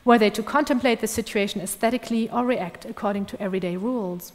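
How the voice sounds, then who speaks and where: Woman lecturing in a reverberant hall. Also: mid-range voice. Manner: measured, precise academic delivery. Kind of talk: academic lecture read from a script.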